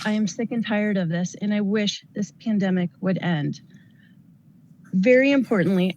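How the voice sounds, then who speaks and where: A woman's voice: medium pitch, darkish tone, poor audio. Nurse lady pleading with the board, earnest, a bit of faint noise behind. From Colorado. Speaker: nurse giving public comment. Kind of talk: prepared public comment.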